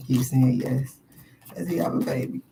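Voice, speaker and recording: A woman gives a casual live tarot reading, talking bluntly and profanely to viewers and laughing often between questions. Her voice is rumbling low and dark, slow and steady, on a rough recording with a little hiss or hum.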